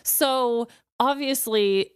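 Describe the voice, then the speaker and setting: A woman's voice: a little high, drawn-out words, smooth, no room sound, clean studio sound. A woman co-hosting a podcast, switching between scripted narration full of puns and casual, giggly chat. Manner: pun-laden storytelling, chatty and giggly. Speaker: podcast co-host.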